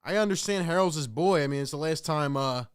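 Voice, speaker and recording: A man's voice: fairly high pitch, brisk, clear, resonant tone. A man hosting a live play-by-play reaction stream, calling the game casually and venting in exasperation while he talks to his chat.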